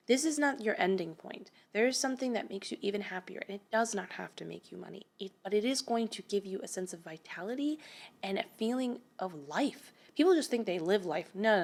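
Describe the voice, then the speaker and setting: A young woman giving a pick-a-card tarot reading in a chatty, emphatic way with lots of fillers. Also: medium pitch. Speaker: tarot reader.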